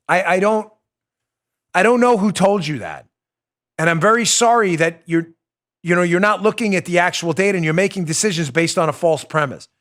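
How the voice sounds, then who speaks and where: A man's voice: high voice, fairly bright tone. A man hosting a political talk show, delivering a heated, emphatic monologue, repeating points for stress and dropping into sarcasm.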